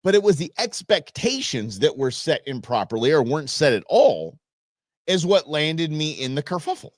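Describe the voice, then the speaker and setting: A man's voice: fairly high pitch, moderate pace, no echo, clean studio sound. A man in his fifties, a show host, telling a funny personal story in a casual, joking way and acting out the back-and-forth he had with someone. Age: 50s. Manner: animated, joking, acts out quoted exchanges.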